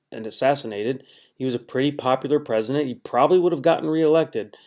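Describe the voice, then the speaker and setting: A man's voice: medium pitch, darkish tone. A middle-aged American man teaching a recorded online lesson, talking casually with many fillers and restarts.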